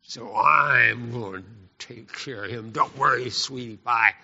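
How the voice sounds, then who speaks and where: A man's voice: medium pitch, measured pace, vocal fry, pushed and bright, slightly rough, heavily acted. A man voicing a vengeful wicked queen in a mock-sweet, threatening way. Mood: scheming. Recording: echoey hall, muffled lo-fi.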